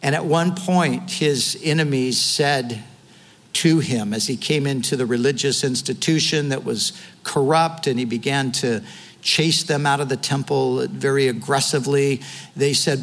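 A man's voice: medium pitch, a little slow, a bit bright, in a large hall. A man preaching a sermon, earnestly retelling scripture with quoted dialogue. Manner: closing in prayer. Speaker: pastor.

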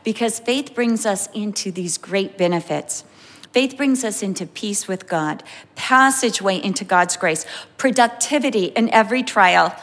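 A middle-aged woman preaching a sermon, telling a personal story with lively acted-out quotes. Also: medium pitch, moderate pace. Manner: animated storytelling, acting out quotes. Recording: reverberant hall.

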